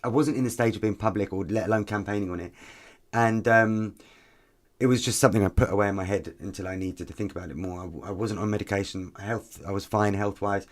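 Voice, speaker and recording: A man, a podcast guest and activist, telling stories in an animated, chatty way with frequent ums. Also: fairly low pitch, fast talker. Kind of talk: conversational podcast interview.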